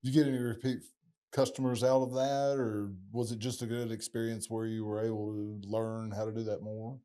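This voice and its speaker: A man's voice: fairly low pitch, level tone, fairly quick, mellow. A man hosting an interview, asking short, encouraging questions. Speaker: podcast host.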